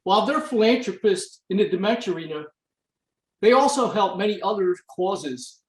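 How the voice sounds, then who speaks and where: A man's voice: sits high, lively intonation, normal speed, reverberant, far from the mic, low-quality recording. A man asking questions in a radio interview, earnest and stammering on repeated words. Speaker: interviewer, dementia advocate.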